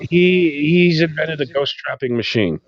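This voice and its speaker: A man co-hosts a casual stoner podcast, rambling in a loose, laid-back, profane way. His voice is fairly high and animated, his pace a little slow, with no echo and a slightly dull lo-fi sound.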